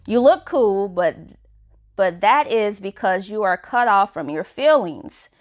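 A woman's voice: medium pitch, expressive, a little slow, muffled recording. Female podcast host, candid conversational self-help delivery, loose and chatty. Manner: chatty, frank, many "you know" fillers. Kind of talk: casual self-help talk.

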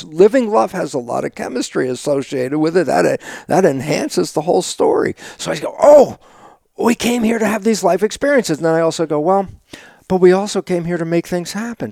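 An older man talks as an interview guest, his voice gravelly and a touch high for a man. He acts out his own dialogue, breaks into sudden loud bursts and laughs often. The recording is dry and close, with no room sound. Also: dry recording. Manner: laughs often while talking. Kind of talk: animated conversational storytelling.

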